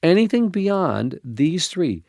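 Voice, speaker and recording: A man's voice: high-pitched, very animated, takes it slowly, creaky, a little mellow, dry recording, studio quality. A middle-aged man hosting a faith-based podcast, talking in an emphatic, preacherly way with frequent restarts. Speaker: podcast host.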